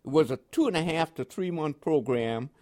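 An older man from Panama, native French speaker, relates his life story in an oral history interview, his voice a little high and his speed normal. A New York accent with West Indian inflections marks his speech. He's a lively narrator who dramatizes quoted voices.

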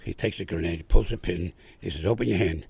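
An older man from Brooklyn, a veteran guest, telling a war story in a rambling, animated way and acting out the voices in it. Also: low-pitched, quick pace. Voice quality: gravelly, husky. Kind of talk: oral history storytelling.

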